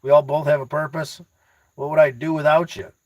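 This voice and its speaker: A man hosting a casual livestream, reading chat aloud and rambling excitably with motivational talk, often repeating his words. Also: on the high side, fairly quick, no room sound, low-quality recording. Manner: addresses viewers by name, teasing.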